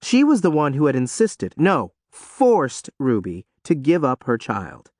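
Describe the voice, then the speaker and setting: A man reading an audiobook in an expressive, scripted narration. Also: mid-range voice, unhurried, no echo, clean studio sound.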